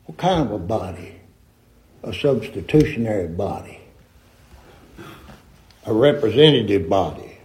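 A man's voice: on the low side, animated, measured pace, pauses often, a little mellow, low-quality recording. A middle-aged man preaching a sermon in a folksy, emphatic way with rustic grammar.

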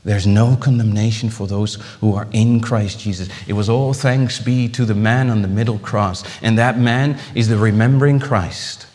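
A man preaching a sermon with passion, swinging between loud exclamations and hushed, drawn-out phrases, often repeating words as he builds. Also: fairly low pitch, steady tone. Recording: long hall reverb.

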